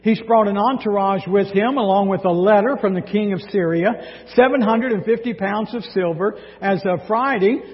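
A man preaching a sermon, reading scripture dramatically and speaking in an animated way. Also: sits high. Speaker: pastor. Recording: dull sound with long hall reverb.

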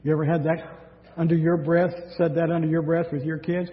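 A man preaching a sermon, reading scripture dramatically and speaking in an animated way. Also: fairly high pitch, fast talker. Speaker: pastor. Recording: dull sound with long hall reverb.

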